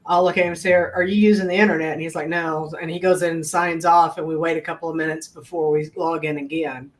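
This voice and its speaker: A woman's voice: low voice, level tone, fast talker, a little hiss or hum, low-quality recording. A woman on a casual livestream, matter-of-fact as she explains a practical routine. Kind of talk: casual chat.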